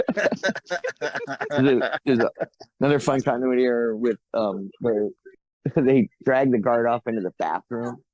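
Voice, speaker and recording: A man's voice: medium pitch, a little slow, long pauses, a little mellow, no echo, low-quality recording. A man, an actor as podcast guest, telling stories in casual chat with frequent chuckles. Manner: laid-back storytelling, chuckles often.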